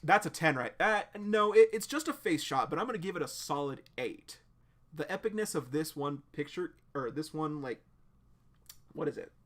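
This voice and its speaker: A man hosting a casual live reaction to a webcomic, excitable and rambling, full of filler words as he describes the panels. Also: fairly high pitch, normal speed, a little hiss or hum.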